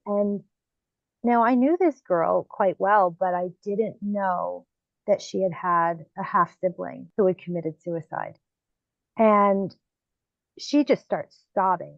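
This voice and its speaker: A woman podcast host and medium telling her experiences in a casual interview, animated when quoting herself. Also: medium pitch, vocal fry, no room sound, lo-fi sound. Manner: lively storyteller, acts out quoted exclamations.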